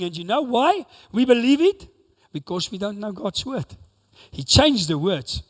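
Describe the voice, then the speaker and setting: Male pastor, high and very animated delivery, preaching in a long-reverb church hall. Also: normal speed. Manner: preaching with bursts of intensity, dramatic voiced quotes. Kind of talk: sermon.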